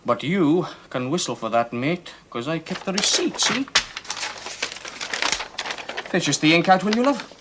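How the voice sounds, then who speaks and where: An actor with a Welsh accent playing a blunt, hot-tempered young miner in a 1970s television period drama. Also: male voice, on the high side, lively intonation, unhurried, pauses often, very noisy. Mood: warm.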